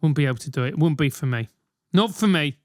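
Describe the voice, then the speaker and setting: A man's voice: fairly high pitch, animated, fast, no room sound, studio quality. A man hosting a solo comedic advice podcast, rambling and swearing through comic rants. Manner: rambling, profane, comic ranting. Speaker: podcast host.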